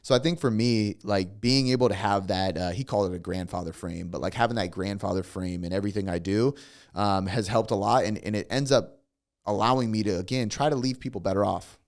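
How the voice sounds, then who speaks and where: A man, a coach, talking casually and animatedly on a podcast, swearing freely as he tells stories. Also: on the low side. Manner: fast, swearing, animated storytelling. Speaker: fitness coach, guest.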